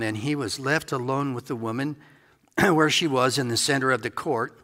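A man's voice: mid-range voice, moderate pace, pushed and bright. A male pastor giving a conversational sermon, musing aloud with playful asides. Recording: reverberant hall.

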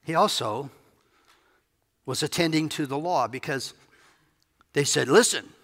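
A man's voice: a little high, a little slow, a bit bright. A male pastor giving a conversational sermon, musing aloud with playful asides. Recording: reverberant hall.

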